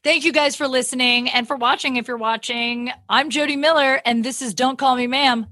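A woman's voice: sits high, fairly even intonation, normal speed, very noisy. A woman hosting a podcast and telling a story in casual chat, acting out what other people said and swearing freely. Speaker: podcast host; comedian.

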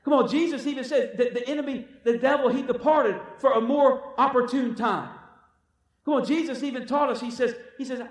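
A man's voice: extremely high pitch, brisk. A man preaching a sermon, exhorting his listeners with repeated calls of "come on" and acting out the quotes he tells. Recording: echoey room from far off.

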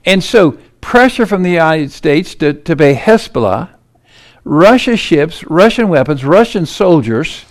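A man's voice: fairly high pitch, sing-song, unhurried. A man giving urgent political commentary over maps and headlines, emphatic and incredulous.

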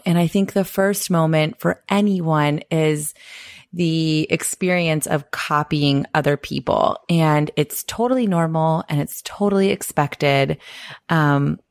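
A woman's voice: deep voice, vocal fry, no room sound. A woman co-hosting a podcast in easy, casual conversation, talking about her own experience. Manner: relaxed conversational, fillers and laughs. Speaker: podcast co-host.

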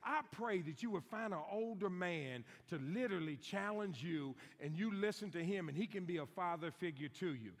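Man, middle-aged, preacher, sermon in a church sanctuary, emphatic, repeats lines, animated pitch, long reverb. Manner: emphatic, repeats key lines, slows for stress. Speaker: guest preacher on fathering.

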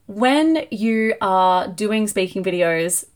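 A woman hosting a solo business podcast, talking in an energetic, emphatic coaching tone. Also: medium pitch, takes it slowly. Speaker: podcast host and marketing coach.

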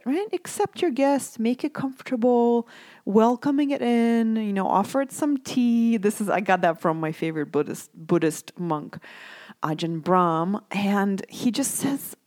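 A young adult woman and mother talking gently and conversationally to listeners about self-care, often checking in with "right?". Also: on the high side, dry recording, clean studio sound. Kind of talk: casual reflective talk to listeners.

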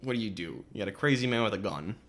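A man's voice: on the low side, animated, rapid-fire. A man co-hosting a podcast, casually retelling a movie's plot and acting out characters' lines. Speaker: podcast co-host. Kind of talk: casual movie recap chat.

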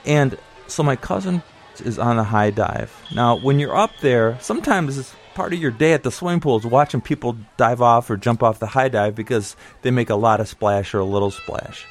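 A middle-aged man tells a personal story from his childhood in a relaxed, conversational way. His delivery is wry and nostalgic, in an ordinary mid-range voice. Faint guitar music plays underneath. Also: medium pitch, normal speed.

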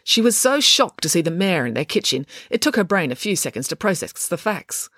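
A woman reads a children's storybook aloud in a playful, expressive way. Her pitch rises and falls lively through the narration. The recording is dry and close to the mic. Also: brisk, no room sound. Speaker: author and narrator.

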